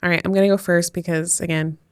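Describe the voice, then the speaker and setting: A woman's voice: lowish voice, level tone, fast talker, darkish tone, clean tone, dry recording, studio quality. A woman co-hosting a casual comedic chat, self-mocking and playing up mock outrage. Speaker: podcast co-host, teacher.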